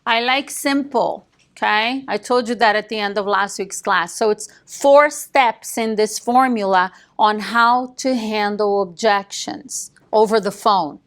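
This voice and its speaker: A woman coaching a live sales class, emphatic and direct, often quizzing her listeners with quick questions and a dry joke. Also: medium pitch. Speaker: real estate sales coach.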